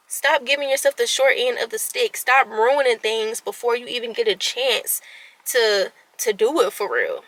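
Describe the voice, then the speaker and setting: A woman's voice: fairly high pitch, moderate pace, no room sound. A woman in her twenties venting candidly to camera, anxious and stumbling over her words, then rallying herself with tough-love self-talk. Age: 20s. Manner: animated, self-talking, swings between quiet and loud; stutters and restarts when anxious. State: anxious and nervous. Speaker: vlogger.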